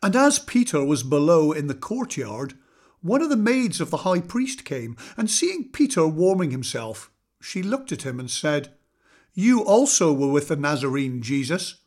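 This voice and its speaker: A man reading scripture aloud in a measured, solemn way, slowing for weight. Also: a little high, very animated, darkish tone. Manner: measured, solemn reading with slow dramatic pauses. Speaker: scripture reader.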